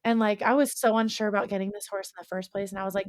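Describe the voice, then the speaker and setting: A young woman in a podcast conversation, spinning out a long story with lots of "like" and quick restarts. Her voice sits at an ordinary middle pitch, and the dry, close sound carries almost no room echo. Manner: animated, rambling storytelling full of "like". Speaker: podcast guest or co-host. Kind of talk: casual storytelling chat.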